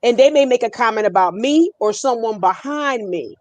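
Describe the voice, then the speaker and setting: A woman's voice: fairly high pitch, expressive, normal speed, a little mellow, no echo. A middle-aged woman from Brooklyn with a New York–North Jersey accent, telling stories animatedly and emphatically as a panel guest. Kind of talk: casual panel discussion.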